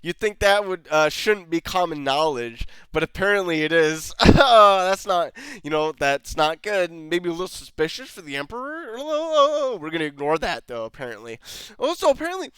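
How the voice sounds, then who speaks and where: A man's voice: sits high, sing-song, normal speed, a bit bright, smooth, no room sound. Exasperated, sarcastic man ranting. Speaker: video reviewer. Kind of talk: ranting show review.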